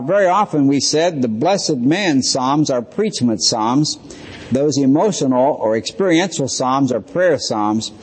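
A man delivers a sermon-style Bible lesson at a mid pitch, his voice a little husky. He explains in a measured way and slows down to stress key phrases. The sound rings with the long reverb of a large hall. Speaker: Bible teacher.

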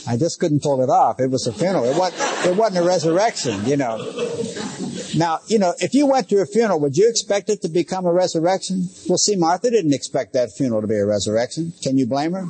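A man's voice: fairly high pitch, expressive, fast talker, dark tone. A middle-aged man preaching a sermon as pastor, talking conversationally with asides and direct questions to his listeners.

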